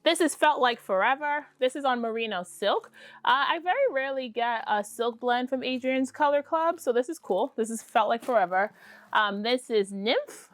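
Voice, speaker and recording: A woman hosting a casual crafting vlog, talking in a chatty, excitable way with self-deprecating asides. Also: fairly high pitch, normal speed, no echo. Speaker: podcast host.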